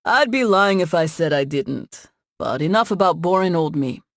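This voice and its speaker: A woman's voice: lowish voice, expressive, moderate pace, no room sound, clean studio sound. A woman voicing an easygoing, joking middle-aged man who runs a tech company, in an audiobook.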